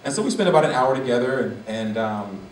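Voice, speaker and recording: A man in his forties delivering a motivational speech as a guest speaker, animated and acting out the dialogue in his story. His voice is mid-range. The sound rings through an echoey hall, caught by a distant mic with faint background noise. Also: medium pitch, fast talker.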